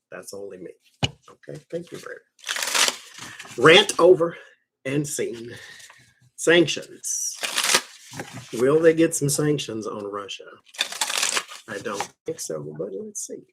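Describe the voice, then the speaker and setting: A man reading tarot cards on a live stream, talking in a slow, conversational way with fussing asides. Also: a little high, sing-song, creaky, fairly bright tone, slight background noise. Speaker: tarot reader.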